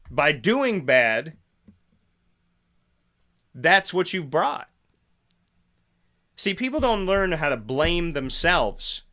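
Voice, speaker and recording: A man with a sharp voice on the high side hosts a preachy motivational morning monologue. He asks rhetorical questions, repeats phrases to stress them, and performs both sides of imagined dialogues.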